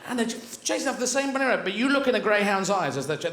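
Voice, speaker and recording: A man's voice: high-pitched, lively intonation, racing, noisy background. A man from England doing rambling, surreal stand-up comedy on a large theatre stage. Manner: rambling, surreal, acting out voices. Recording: echoey theatre with loud audience.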